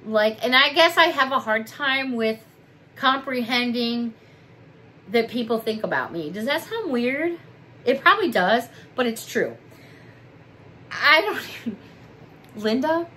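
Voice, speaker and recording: A woman's voice: fairly high pitch, a bit bright, slight background noise, poor audio. A middle-aged woman chatting at her desk at home in a haul vlog, gushing and emotional as she shows off gifts. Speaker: vlogger. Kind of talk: casual haul vlog chat.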